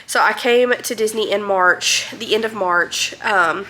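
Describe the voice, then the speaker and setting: A woman's voice: medium pitch, unhurried, pushed and bright, slight background noise. A woman from North Alabama, chatting casually through a vacation recap with lots of ums and likes. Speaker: vlogger.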